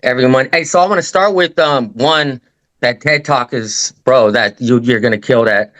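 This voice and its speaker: A man's voice: medium pitch, moderate pace, fairly bright tone, rough recording. A man, a new real estate agent, sharing a win on a group video call. He rambles and speaks in slang, acting out the people in his stories. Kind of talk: casual storytelling on a group call.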